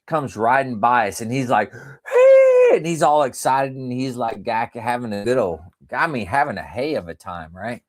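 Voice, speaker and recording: Brief: male podcast host, middle pitch, a storyteller with a lot of swing in his voice who laughs often. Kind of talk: casual chat and storytelling.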